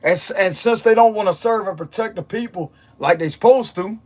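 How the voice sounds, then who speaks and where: Man, tarot reader, higher-pitched voice, blunt and emphatic, strained voice. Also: a little fast. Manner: forceful, emphatic, repeats himself. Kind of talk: blunt spiritual reading monologue.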